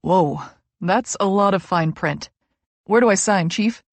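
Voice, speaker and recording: A woman voicing a charming, teasing young male hockey player, speaking slower and a bit lower. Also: dry recording. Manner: easygoing, teasing, slower delivery.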